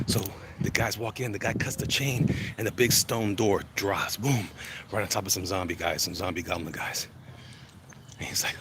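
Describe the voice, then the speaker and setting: A man with a deep voice speaking at normal speed rambles chattily while vlogging on foot along city streets, often drifting to other topics. Congested in the chest and sore-legged, he's recorded outdoors over loud traffic, passing cars and street ambience.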